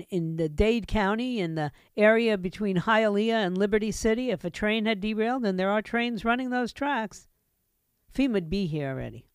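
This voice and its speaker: Talk radio lady ranting, sarcastic and ticked off, mid-pitched, dead dry studio mic. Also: no room sound. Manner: sarcastic, indignant. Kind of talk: opinionated talk radio monologue. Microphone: studio microphone.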